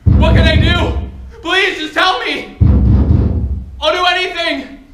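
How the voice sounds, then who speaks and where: A woman's voice: very high voice, fairly even intonation, slow, full character voice. A woman playing a disgraced young detective on stage, pleading and prone to emotional outbursts. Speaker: stage performer. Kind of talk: live solo stage play. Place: college stage. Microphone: far camera. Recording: distant echoey stage recording with loud music.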